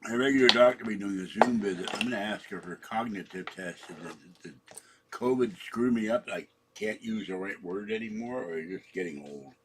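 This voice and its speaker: A San Francisco man in his seventies, a channel host, tells a rambling personal story, trailing off and correcting himself, his throat raw from coughing. His voice is fairly low and slightly quick, with noise in the background.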